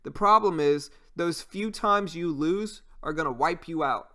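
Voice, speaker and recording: A man with a Cajun accent talks casually on a live stream, answering chat and walking through trading ideas. His voice sits a little high for a man, and his speech is loose, with frequent fillers. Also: unhurried, sharp tone.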